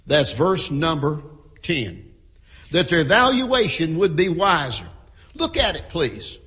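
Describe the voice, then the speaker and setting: A man preaching a sermon in a church, emphatic, repeating key phrases and often clearing his throat. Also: sits high, sharp tone. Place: church with a sound crew. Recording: long hall reverb.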